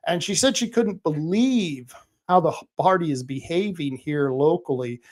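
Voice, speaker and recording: A man hosting his own podcast, telling stories in a rambling, animated way with plenty of fillers and restarts. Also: a little high, normal speed. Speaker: podcast host. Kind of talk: casual monologue.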